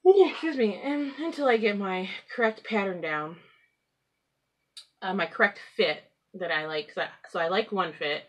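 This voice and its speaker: A woman hosting a home craft podcast, talking casually and rambling, often laughing and clearing her throat. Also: medium pitch, normal speed. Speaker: knitting podcast host. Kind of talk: casual craft chat to camera. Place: at home with pets.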